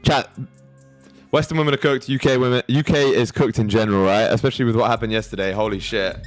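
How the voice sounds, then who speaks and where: A man's voice: medium pitch, steady tone, fast talker, faint music behind. Crude, casual male livestream host. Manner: loose, crude, reads chat aloud.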